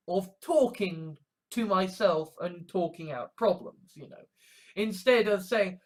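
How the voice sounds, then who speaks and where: A man's voice: high-pitched, expressive, normal speed. A man ranting exasperatedly in a monologue vlog, swearing heavily. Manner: heavy swearing, exasperated rants. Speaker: vlogger.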